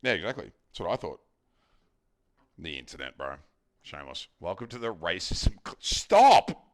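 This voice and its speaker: A man's voice: low voice, sing-song, moderate pace, pushed and bright. An Australian man streaming while cooking at home, bantering loosely with his chat and swearing casually. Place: home kitchen.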